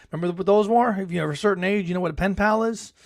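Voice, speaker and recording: Chatty gravelly-voiced man hosting live chat. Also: sits high, fast. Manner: chatty, laughs often, enthusiastic sports cheering. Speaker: podcast host. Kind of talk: live chat reading viewer comments.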